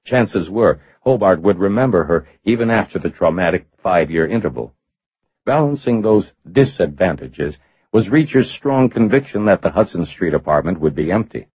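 A man narrating an audiobook thriller in measured, expressive storytelling. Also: sits low, husky, no echo, lo-fi sound. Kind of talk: scripted narration.

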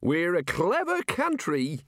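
A man voicing a cheerful elderly wizard leader in a high, lilting, drawn-out voice. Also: huge pitch swings, fairly bright tone, no echo, studio quality, full character voice. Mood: breezy.

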